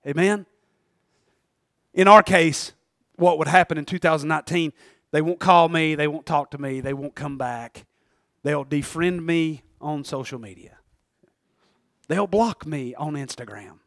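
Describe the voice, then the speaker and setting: A man preaching a sermon, emphatic and folksy, swinging between loud exhortation and quiet asides. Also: fairly high pitch, moderate pace, no room sound, clean studio sound. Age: 40s. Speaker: pastor.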